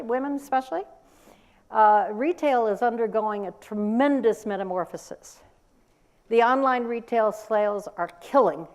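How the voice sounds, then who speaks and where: Lively older woman giving a talk. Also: fairly high pitch. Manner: lively, emphatic, quizzes the audience. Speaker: workforce speaker. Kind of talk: conference talk.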